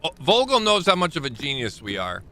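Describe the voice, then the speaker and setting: A man's voice: fairly high pitch, huge pitch swings, a little fast, bright, forceful tone, slight background noise. A young man streaming a game live, thinking aloud and rambling as he corrects himself mid-thought. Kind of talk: live gameplay commentary.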